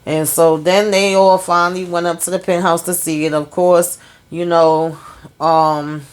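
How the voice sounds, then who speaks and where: A woman's voice: on the low side, little pitch movement, unhurried. A woman hosting a casual TV episode recap in a chatty way, acting out the characters' lines as she retells them. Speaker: TV recap host.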